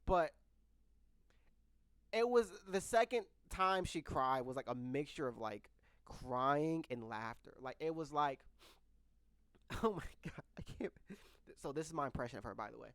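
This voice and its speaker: A young man in his twenties talks straight to his viewers, telling a loose and candid personal story. His voice sits at an ordinary middle pitch, and he stumbles and restarts his sentences as he goes. He is recorded close to a microphone in a dry space with no room sound. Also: animated, normal speed, fairly bright tone, no echo. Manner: candid, rambling, with frequent restarts. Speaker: vlogger. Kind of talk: casual storytelling.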